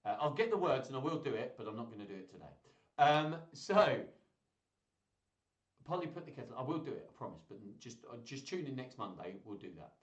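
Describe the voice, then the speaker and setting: Brisk male children's host, bouncy sing-song delivery, slightly higher voice, roomy echo. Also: highs cut off. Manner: chatty, animated and playful. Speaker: children's entertainer. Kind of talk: live-streamed kids' singalong chat.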